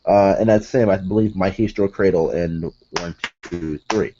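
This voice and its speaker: Male podcast host, low mellow voice, rambling casual recap, dull home recording. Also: unhurried, a little hiss or hum. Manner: rambling, many fillers and self-corrections. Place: room with curtains behind him.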